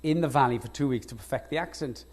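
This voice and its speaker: A Welsh actor in an on-stage conversation, telling lively anecdotes with frequent laughs and restarts. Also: male voice, medium pitch, fast. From Wales. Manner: animated anecdotes, laughs often, self-interrupting restarts. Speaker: guest actor. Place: lecture stage before an audience.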